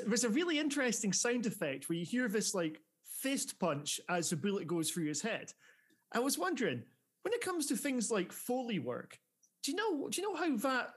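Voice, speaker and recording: A man co-hosting a podcast, asking curious, rambling questions. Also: sits high. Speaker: podcast co-host. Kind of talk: casual interview.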